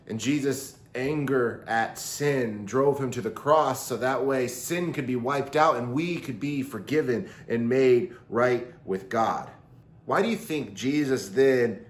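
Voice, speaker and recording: A man teaching a recorded Bible lesson to teenagers, talking in a lively way and acting out quotes in different voices. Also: medium pitch, slight background noise. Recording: roomy echo.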